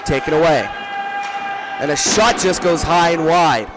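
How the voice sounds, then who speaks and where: A young man calling a hockey game from a rink booth, talking fast, shouting during rushes and often correcting himself. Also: a little high, background noise. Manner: rapid, rising to shouts during rushes, with frequent self-corrections. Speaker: play-by-play commentator. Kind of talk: live hockey play-by-play commentary. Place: broadcast booth at an ice rink.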